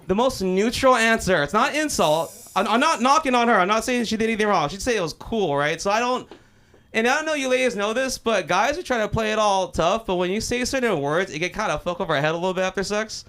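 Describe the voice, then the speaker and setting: A young man from Los Angeles works through an open mic stand-up set in a small club. His voice sits a little high and comes through smooth and clean. He rambles loosely, piles on the profanity, and keeps circling back into his stories. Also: animated, fast, fairly bright tone. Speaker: stand-up comedian.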